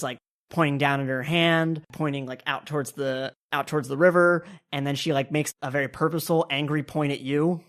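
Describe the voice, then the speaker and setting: A woman with a very low voice runs a tabletop game as game master. She narrates casually, with plenty of fillers.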